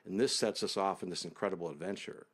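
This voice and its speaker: A man telling a long travel story as an interview guest, unhurried and detailed, often trailing off low. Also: fairly even intonation, breathy edge.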